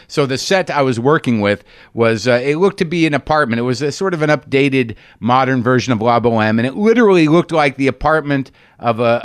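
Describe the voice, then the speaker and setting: A middle-aged man talks through a loose, profane, self-mocking monologue as a podcast host. His voice sits at an ordinary pitch for a man. It is recorded close and dry, with no room sound. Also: clean tone, no echo. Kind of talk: monologue storytelling.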